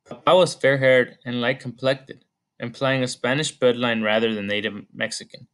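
Man, audiobook narration, measured, mid-pitched. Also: steady tone, a bit bright, clean tone. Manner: measured storytelling. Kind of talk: scripted narration.

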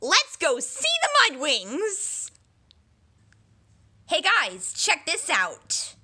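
A woman's voice: high-pitched, big pitch swings, slow, bright, forceful tone. A woman doing a comedic parody dub of a dragon story, voicing every character herself with silly voices, shrieks and mutters. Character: cast of young dragons in a parody. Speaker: solo fan dubber voicing every character.

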